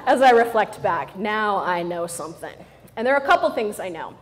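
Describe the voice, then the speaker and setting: A woman's voice: mid-range voice, animated, a little fast. Playful, joking middle-aged woman speaker. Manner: playful and joking, with frequent "right?" asides to the audience. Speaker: motivational speaker. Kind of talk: humorous motivational talk to a live audience.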